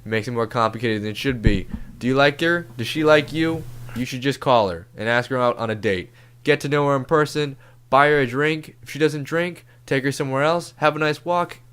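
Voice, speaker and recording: A man's voice: mid-range voice, fairly quick, fairly bright tone, clean tone. Laid-back cursing podcast host, a man. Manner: casual, profane, laid-back. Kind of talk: comedic podcast advice.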